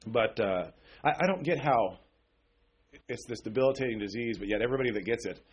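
A pastor with a weak voice, under the weather with a cold, preaching in a folksy, conversational way that keeps checking in with "okay?". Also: male voice, medium pitch, animated, a little fast, slight background noise. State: sick with a cold. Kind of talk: conversational sermon. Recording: dull lo-fi recording.

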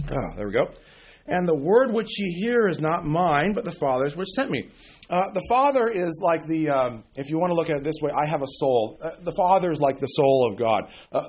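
A man's voice: fairly high pitch, darkish tone, husky. A man preaching an informal sermon, blunt and sarcastic, with folksy asides. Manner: mocks emotional prayers in exaggerated voice.

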